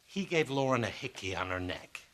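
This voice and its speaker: A man's voice: medium pitch, very animated, normal speed, a bit bright, a little hiss or hum. An actor playing a sarcastic, wisecracking middle-aged father in a sitcom. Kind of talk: multi-camera sitcom acting.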